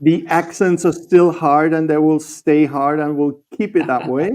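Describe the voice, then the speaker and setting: A man co-hosting a casual livestream chat, often halting and searching for words as he talks. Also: on the high side, a little mellow. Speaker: livestream co-host.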